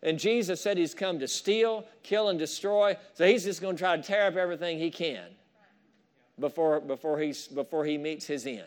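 A man with a high voice preaches a fervent sermon. He talks straight to the congregation, and his praise rises into loud calls. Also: moderate pace, smooth. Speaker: pastor.

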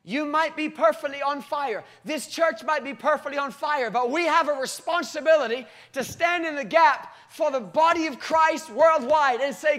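A man preaching a sermon to his church, telling a story and reading scripture, his voice climbing to loud, drawn-out cries and then dropping low and quiet.

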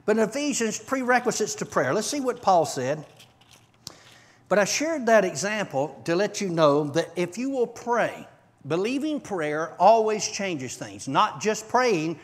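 A man preaching a testimony to a church congregation, telling his story in an animated way with bursts of shouting and laughter. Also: high voice, unhurried. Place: church service.

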